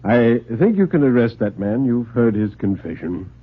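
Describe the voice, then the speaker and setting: A man voicing a cool, scheming older male host who talks in a suave, measured way. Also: medium pitch, very animated, slightly rough. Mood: smooth. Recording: tinny old radio broadcast.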